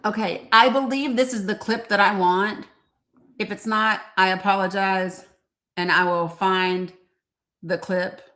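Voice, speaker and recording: A woman's voice: mid-range voice, fairly even intonation, unhurried, bright, forceful tone. A woman hosting a live stream, chatting casually and rambling, talking straight to her viewers and getting openly frustrated. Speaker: livestream host.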